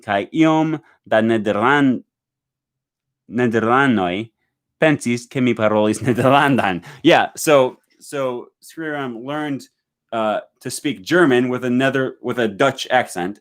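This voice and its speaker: A man at home hosts a casual livestream in a medium-pitched voice, reading viewer comments aloud and discussing them. His delivery is relaxed and meandering, full of fillers.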